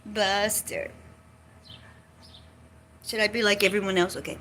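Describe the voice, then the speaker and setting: Her medium-pitched voice is steady, pushed and bright, unhurried and frequently paused, over slight background noise. A Southern US vlogger, she chats casually and ramblingly on a lakeside livestream outdoors, joking in a folksy, somewhat salty way.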